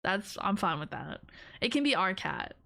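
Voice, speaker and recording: A woman's voice: fairly low pitch, big pitch swings, normal speed, creaky, bright, forceful tone. A woman streaming live, chatting casually with her viewers in a rambling, giggly, playful way. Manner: playful teasing of her chat.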